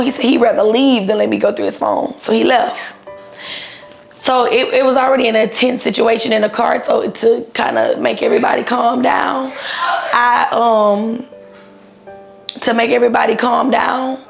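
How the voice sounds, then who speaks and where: Woman in her 30s spilling a story, cussing and acting out the lines, a bit high, gravelly, faint music under it. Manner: blunt, profane, animated retelling with quoted dialogue. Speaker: guest telling her own story. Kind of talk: casual storytelling.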